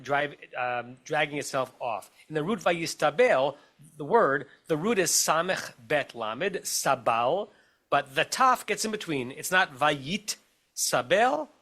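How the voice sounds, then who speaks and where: A man's voice: on the high side, sharp tone. A man with an American accent, a rabbi teaching a text study class over a video call, explaining step by step and checking in with his listeners as he goes.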